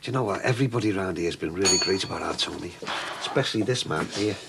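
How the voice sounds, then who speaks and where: An actor playing a chatty, emotional shopkeeper in a soap opera. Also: male voice, sits low, fast, vocal fry, very noisy. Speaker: shopkeeper raising money for his sick brother.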